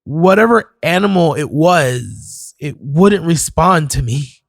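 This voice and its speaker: A man narrating a horror story in a measured, scripted storytelling manner. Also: on the high side, animated, no echo, studio quality. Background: faint music.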